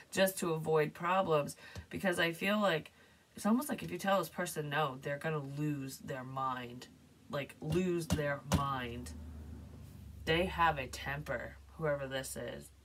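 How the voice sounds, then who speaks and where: A woman's voice: deep voice, a bit bright, far from the mic. A woman giving a casual, hesitant psychic tarot reading, rambling and sometimes dropping to a near whisper.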